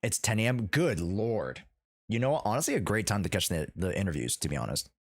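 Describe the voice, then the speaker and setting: A man's voice: on the low side, sing-song, fairly quick, no room sound, studio quality. A man hosting a livestream in casual, playful chat, rambling with many fillers. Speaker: streamer and host.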